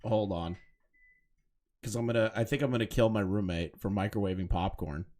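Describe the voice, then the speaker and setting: A man's voice: lowish voice, normal speed, a little mellow. A man doing casual live commentary on clips, talking in a heated, profane and mocking way. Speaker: commentary streamer.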